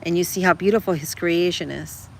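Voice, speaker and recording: Woman, gravelly voice, casual live chat, rambling, talks to viewers as girl and guys. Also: fairly low pitch, a little fast, a little hiss or hum, poor audio. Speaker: livestream host chatting with viewers.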